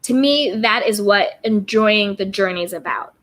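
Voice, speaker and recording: Bright upbeat woman streaming a pep talk. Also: medium pitch, normal speed. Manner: upbeat, repeats affirmations, greets viewers warmly. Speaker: livestream host reading chat. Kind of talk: casual self-care pep talk.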